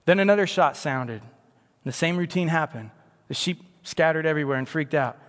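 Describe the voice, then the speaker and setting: Male pastor, a touch high-pitched, casual preaching that swings from soft to loud, with a long hall echo. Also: normal speed. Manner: conversational preaching that swings from hushed to loud and emphatic. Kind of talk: sermon.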